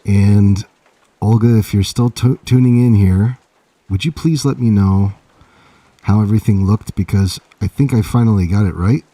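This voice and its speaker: Laid-back low-voiced man streaming. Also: normal speed, no room sound, far from the mic. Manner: rambling, laid-back, talks softly to his cat. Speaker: writer livestreaming his writing. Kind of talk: casual livestream chat.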